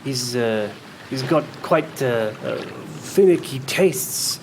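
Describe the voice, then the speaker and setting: A man doing a halting drunken ship's cook. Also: medium pitch, animated, slight background noise. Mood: grumbling.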